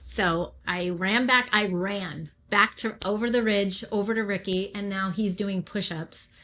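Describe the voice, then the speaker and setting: Animated woman pastor telling her story. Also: medium pitch, a little slow, slight background noise. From Oregon, USA. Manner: animated storyteller who acts out her own and others' remarks. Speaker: pastor, interview guest. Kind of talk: personal faith story told in an interview.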